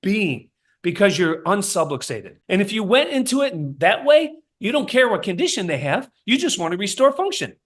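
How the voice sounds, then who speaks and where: Emphatic storytelling man, slightly high. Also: sing-song, moderate pace. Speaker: chiropractor, podcast guest. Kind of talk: casual podcast interview.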